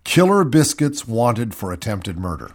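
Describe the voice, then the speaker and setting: A man's voice: mid-range voice, very animated, measured pace, dry recording, studio quality. A man hosting a comic radio talk show, reading news items and telling stories with sardonic, mocking commentary.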